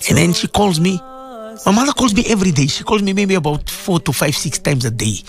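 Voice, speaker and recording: A man's voice: sits high, lively intonation, a little fast. A man hosting a live religious radio show, speaking with impassioned repetition and addressing his listeners directly from a studio mic. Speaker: radio presenter and Islamic preacher.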